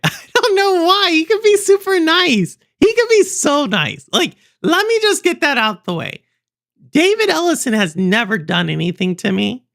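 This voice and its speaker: Young woman streaming, rambly and chatty, bright voice that bounces all over. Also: on the high side. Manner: rambling, animated, laughs often, chats with viewers. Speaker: livestream host. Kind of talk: casual stream chat.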